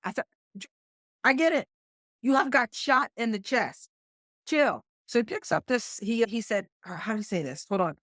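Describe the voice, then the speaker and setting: Animated West Virginian woman telling a war story. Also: a little high, moderate pace, dry recording, clean studio sound. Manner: animated, quotes others in lively voices. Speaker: combat flight nurse, podcast guest. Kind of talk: conversational storytelling.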